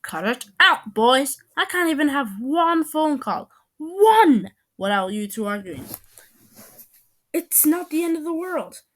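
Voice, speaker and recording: A woman voicing an irritated mother who loudly scolds her two arguing sons in a storybook reading. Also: mid-range voice, expressive, takes it slowly, long pauses. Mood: scolding. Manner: loud, exasperated scolding.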